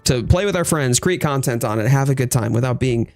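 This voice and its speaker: A man's voice: mid-range voice, fairly quick, a little mellow, no room sound. A man streaming a game, chatting casually and thoughtfully with his viewers while he plays. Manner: thoughtful, hedging, reads chat aloud. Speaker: gaming streamer. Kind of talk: casual live-stream chat.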